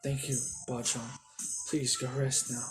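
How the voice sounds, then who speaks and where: A man's voice: mid-range voice, level tone, a little slow, lightly acted, poor audio. Guy doing a brash young ninja hero, laid-back slangy talk, music going behind. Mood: calm, caring. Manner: casual slangy speech.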